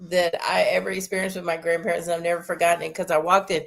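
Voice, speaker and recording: A woman's voice: lowish voice, flat delivery, quick pace, gravelly, fairly bright tone. A woman guest on a radio talk show, candidly telling a story with giggles. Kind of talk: casual radio chat.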